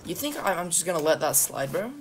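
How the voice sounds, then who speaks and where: A woman gamer talking over a voice chat, her lowish voice swinging widely as she jokes, taunts and swears at other players. Clear game noise sits behind her throughout. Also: very animated, quick pace. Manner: joking, trolling, swears a lot. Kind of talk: casual gaming voice chat.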